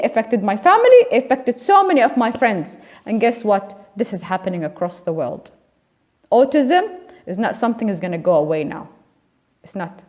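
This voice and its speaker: Impassioned woman, lively pitch. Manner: switches between Somali and English, pleading and scolding. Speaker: community vlogger. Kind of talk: impassioned appeal to camera.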